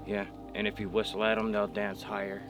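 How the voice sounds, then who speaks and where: A man's voice: on the low side, completely flat delivery, fairly quick, music in the background. A man chatting outdoors at a lakeside campsite, enthusiastic and slangy, swearing and saying dude and bro. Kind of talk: casual outdoor chat.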